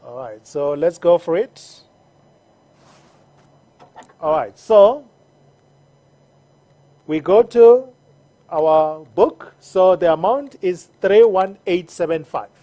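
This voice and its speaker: Slow, patient accounting teacher. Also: medium pitch, dark tone. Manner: patient, repeats steps and checks in with "all right?". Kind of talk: screen-recorded lesson.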